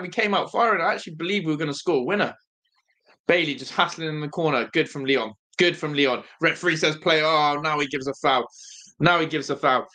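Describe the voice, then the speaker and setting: Young man, fan watch-along host, high voice, bright and forceful, anxious, excitable. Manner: anxious, excitable, swings from groaning to shouting.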